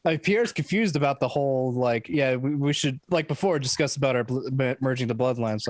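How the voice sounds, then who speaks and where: A man's voice: medium pitch, brisk, few pauses, dry recording, clean studio sound. A man playing a tabletop role-playing game, speaking hesitantly with trailing sentences. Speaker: player. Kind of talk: casual banter at a game table.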